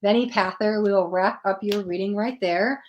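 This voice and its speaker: A woman in mid pitch chats casually on a tarot livestream. She greets and thanks viewers by name and jokes about her own trouble with names. A faint hiss sits under her voice. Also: normal speed. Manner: self-deprecating, stumbles over names. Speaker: tarot reader hosting a livestream.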